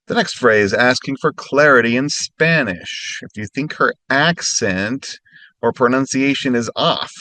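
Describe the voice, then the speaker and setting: A man teaching a recorded language lesson, giving clear instructions and slowing right down when he models practice phrases. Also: mid-range voice, pushed and bright, no room sound.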